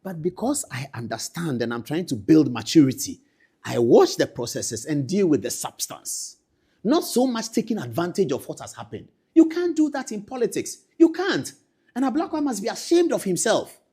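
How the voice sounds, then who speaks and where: A Ghanaian man gives political commentary with a slightly high voice. His pitch leaps around widely as he moves between loud, emphatic outbursts and quiet asides. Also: very animated, normal speed, slightly rough.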